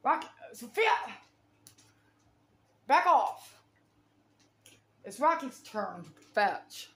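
High bright-voiced woman calling her dogs. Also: sing-song, drawn-out words, echoey room. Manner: scolding and coaxing her dogs, calling out commands. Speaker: dog owner filming her pets. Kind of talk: casual home vlog narration. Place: home, near a kitchen.

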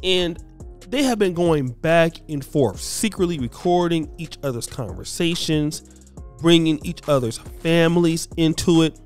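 Chatty man with a higher voice recapping gossip. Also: lively intonation, measured pace, darkish tone, faint music behind. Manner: chatty, hesitant, lots of fillers. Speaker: celebrity gossip commentator. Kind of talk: casual gossip commentary.

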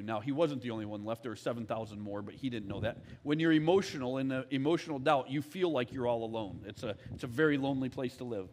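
A man's voice: mid-range voice, fairly quick, darkish tone, slight background noise. A man, an executive pastor, preaching a conversational, candid sermon in church and often checking in with the crowd. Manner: conversational, candid, often asks "all right?".

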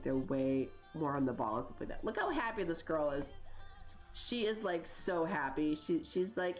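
A woman in her thirties, hosting a gaming channel, chatting casually and rambling with lots of likes and you-knows as she plays. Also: low voice. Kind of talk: casual chat while playing a life-sim game.

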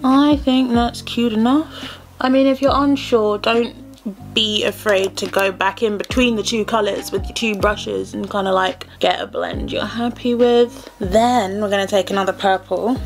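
A woman's voice: mid-range voice, steady tone, moderate pace. A young woman chatting casually through a makeup tutorial at home, self-deprecating and full of rambling asides. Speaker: beauty vlogger. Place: home room, indoors. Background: faint background music.

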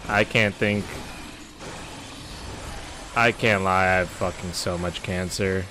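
A man's voice: low voice, steady tone, takes it slowly, background noise. A young man streaming a game, reacting with profane jokes and sudden yelps. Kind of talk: gameplay commentary.

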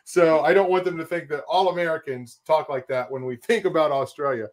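A man's voice: on the high side, brisk. A man co-hosting a casual reaction podcast, rambling with lots of fillers as he talks. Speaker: podcast co-host.

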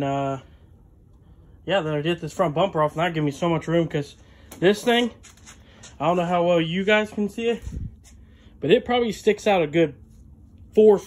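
A man narrating casually while he works on a vehicle in his home garage, rambling with lots of fillers and sometimes out of breath. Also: fairly high pitch. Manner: rambling, filler-heavy, talks while wrenching. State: out of breath at times. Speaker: garage vlogger. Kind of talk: casual work-along narration.

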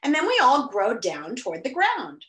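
A woman's voice: a little high, huge pitch swings, moderate pace, fairly bright tone. A woman voicing an odd, breezy boy who muses in a matter-of-fact way, in a roomy echo. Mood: musing.

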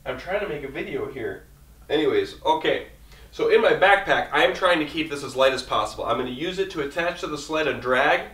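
A man talking quickly and casually through his camping gear, rambling as he goes. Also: mid-range voice, fairly bright tone, distant mic. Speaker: outdoor vlogger. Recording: echoey room, mic set back.

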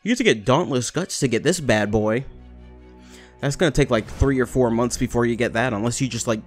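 Excitable young man doing game commentary. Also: mid-range voice, brisk, soft background music. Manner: excitable, jokey, yelling bursts. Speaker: gaming YouTuber.

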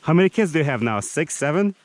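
A man's voice: a little high, sing-song, fast talker. A man hosting a casual camping vlog in a forest, teasing his friends and talking in a rambling, joking way. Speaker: vlogger. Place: outdoors in a forest campsite.

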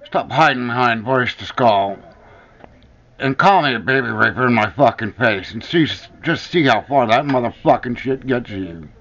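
Heated and foul-mouthed, this vlogger aims a personal rant at the camera, returning again and again to his accusations. He sounds expressive and a bit bright at a medium pitch and moderate pace, though the lo-fi recording is dull.

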